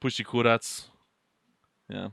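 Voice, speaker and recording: A man's voice: medium pitch, flat delivery, takes it slowly, creaky, a bit bright, no room sound, clean studio sound. A man co-hosting a podcast in casual chat, playful and swearing freely. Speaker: podcast co-host.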